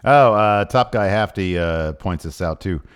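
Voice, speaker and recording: A man's voice: deep voice, animated, unhurried, clean tone. A man co-hosting a casual wrestling podcast, joking around with his co-host and reading listener questions. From American South. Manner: playful, jokey, shifts into mock-announcer delivery. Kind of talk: casual chat, reading previews aloud.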